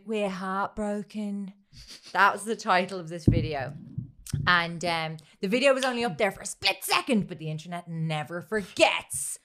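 A woman's voice: medium pitch, bright, forceful tone. A woman co-hosting a podcast, telling a story in casual chat, laughing gleefully and acting out the people she quotes. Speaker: podcast co-host.

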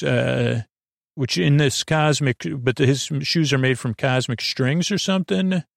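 A rambling man with a gravelly voice. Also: medium pitch, dry recording, studio quality. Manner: meandering, halting, full of fillers and self-corrections. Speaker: podcast narrator. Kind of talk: sleepy bedtime episode retelling.

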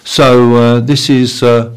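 A man hosting a casual gathering, telling an old joke and introducing a report in a hesitant, halting way. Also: medium pitch, little pitch movement, smooth. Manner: hesitant, halting, full of pauses. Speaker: host. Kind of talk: casual group presenting.

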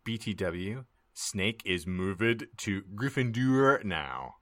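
A man with a low voice narrates a story for a comedy podcast, and his pitch leaps and dips in an exaggerated, mock-dramatic way. His tone is bright and forward, recorded dry and close. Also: lively intonation, slow pace, no echo. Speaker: podcast host.

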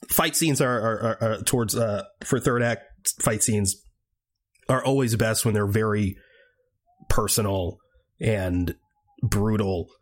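A man's voice: on the low side, slightly rough. A man co-hosting a podcast, talking in a casual, rambling way full of restarts and swearing. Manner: heated, swearing rants with acted-out quotes. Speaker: podcast co-host. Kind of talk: casual chat.

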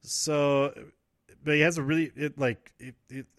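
A man's voice: fairly high pitch, steady tone, unhurried, no echo, studio quality. A man casually recapping wrestling events, rambling, correcting himself and laughing often.

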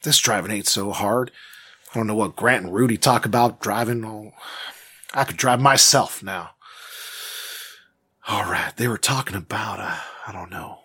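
A man's voice: lowish voice, normal speed, pauses often, bright, forceful tone, slightly rough. A man playing a comic character in a tabletop role-playing game, rambling and hesitant. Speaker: player.

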